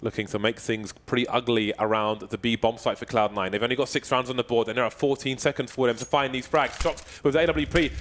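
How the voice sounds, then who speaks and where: A man doing playful, joking esports color commentary that builds to excited calls. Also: mid-range voice, a little fast, hardly any pauses, noisy background.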